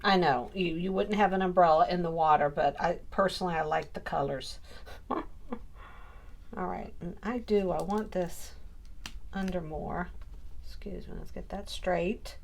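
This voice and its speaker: A woman's voice: lowish voice, measured pace, creaky. A middle-aged woman from Maine chatting casually as she makes a scrapbook page, often muttering to herself while she works. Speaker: crafting YouTuber. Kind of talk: casual crafting chat to camera.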